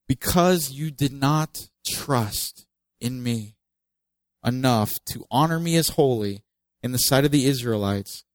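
A man's voice: medium pitch, no room sound, low-quality recording. Conversational male pastor, dry close sound. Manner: conversational, joking asides, reads scripture with emphasis. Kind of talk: sermon.

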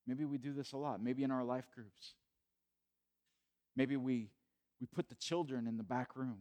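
A man's voice: mid-range voice, steady tone, moderate pace, darkish tone. Male pastor preaching in church, conversational, stumbles over words, builds to emphatic peaks. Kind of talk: sermon.

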